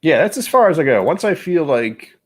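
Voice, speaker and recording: A man's voice: on the high side, very animated, normal speed. A man hosting a casual livestream who rambles in a self-deprecating way and often restarts his sentences. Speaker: host of a whisky livestream.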